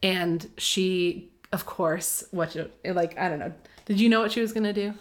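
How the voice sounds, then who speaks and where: A woman's voice: lowish voice, moderate pace. A woman hosting a podcast, chatting casually about a book, reading passages aloud and laughing often. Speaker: podcast host. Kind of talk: casual book recap chat.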